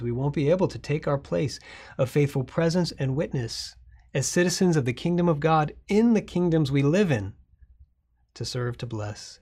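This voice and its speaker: Man, husky gravelly pastor, earnest conversational sermon delivery, loose with fillers. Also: mid-range voice, a little mellow. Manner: earnest, conversational preaching with frequent fillers and restarts.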